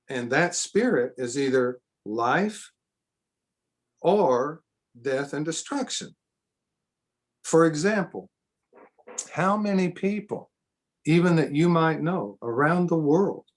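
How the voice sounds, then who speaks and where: A middle-aged man teaching a church seminar in an earnest way, repeating himself for emphasis and adding spontaneous asides. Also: fairly high pitch. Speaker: preacher.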